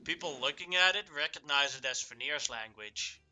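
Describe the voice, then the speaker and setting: A man's voice: fairly high pitch, lively intonation, normal speed, sharp tone, slight background noise, low-quality recording. A man running a tabletop game as game master, laughing often and teasing the players.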